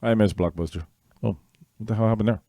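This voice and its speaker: A man's voice: on the low side, quick pace, mellow, dry recording, studio quality. A man casually hosting a livestream trivia game, reading answers and making rambling offhand asides. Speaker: trivia host.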